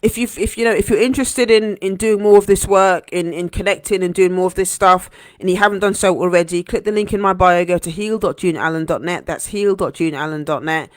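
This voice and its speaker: A woman hosting a heartfelt motivational live stream as a coach, earnest and gentle, repeating phrases for emphasis. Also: lowish voice, a little fast, hardly any pauses, no echo, studio quality. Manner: gentle, encouraging.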